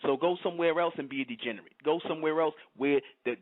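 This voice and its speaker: A man lectures in a scolding tone, stacking up rhetorical questions and repeating lines over and over. His voice sits fairly high for a man. It comes through thin and tinny, like audio over a phone line. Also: quick pace, few pauses, no echo. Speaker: channel host. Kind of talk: scolding livestream monologue answering chat.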